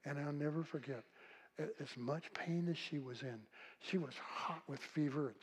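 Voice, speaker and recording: An older man preaching a sermon with a husky voice, telling folksy stories and swinging from loud calls to hushed, quiet passages. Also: fairly high pitch, moderate pace, rough recording. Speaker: pastor.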